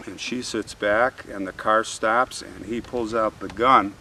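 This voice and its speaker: A man telling a true crime story in a casual, animated way, often acting out what people said. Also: fairly low pitch, measured pace, distant mic, a little hiss or hum. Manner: animated, conversational, acts out quotes.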